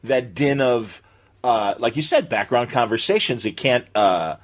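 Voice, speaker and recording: Man, radio host, casual interview, lively pitch, short encouraging prompts. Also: a little slow. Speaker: podcast host, radio broadcaster.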